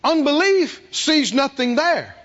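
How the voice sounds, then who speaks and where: A man preaching a sermon, animated, acting out the people he quotes and asking the congregation questions. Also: extremely high pitch, slow. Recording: dull lo-fi sermon recording.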